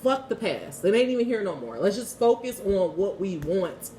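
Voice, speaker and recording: A woman in her thirties talks through a spiritual card reading in a loose, candid way, swearing freely and laughing often. Her voice sits at a middling pitch and sounds a little off-mic. It carries the echo of a bare room, with faint ambient noise behind her. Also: very animated, normal speed, dark tone. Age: 30s. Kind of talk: casual spiritual reading with prayer. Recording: echoey room, heard from a distance.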